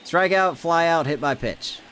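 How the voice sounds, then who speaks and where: With a fairly high voice at a measured pace, a man gives lively commentary while streaming a baseball video game. He cheers plays, rants and talks to his chat, and there's a little hiss or hum in the audio.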